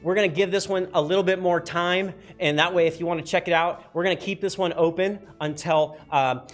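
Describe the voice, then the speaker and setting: High-pitched guy running a charity auction, loud, pushing bids over and over. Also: a little fast, faint music behind. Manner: energetic, repetitive bid calling, often shouting. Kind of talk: live charity auction calling.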